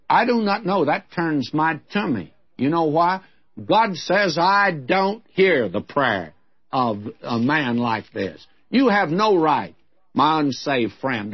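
A man's voice: a little high, slightly rough, dull audio. A man giving a sermon as a Bible teacher, in a frank, folksy, conversational way.

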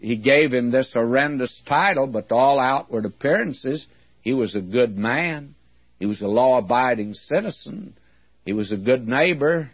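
A man preaching a sermon, reading scripture with deliberate emphasis. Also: medium pitch, breathy edge, no room sound. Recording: dull, dry lo-fi recording.

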